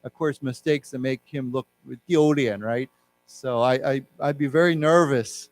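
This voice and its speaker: A man's voice: mid-range voice, measured pace. A man teaching an English class in a library, explaining word meanings and leading learners in repeating words aloud. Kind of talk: live English lesson for learners. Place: library lecture room.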